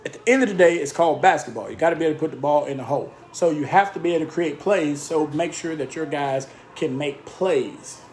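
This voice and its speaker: A man's voice: on the high side, fast talker, few pauses, a little mellow, a little hiss or hum. A man talking as a basketball coach, emphatic and fond of repeating short punchy lists of instructions. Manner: emphatic, repetitive drill-style lists; speaks in short punchy phrases. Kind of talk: casual coaching talk.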